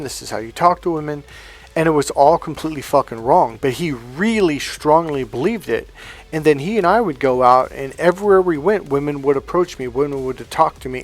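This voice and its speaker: Blunt, profane male dating coach. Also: medium pitch. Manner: blunt and profane, swearing often; animated, acting out quotes from a story. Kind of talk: casual storytelling monologue.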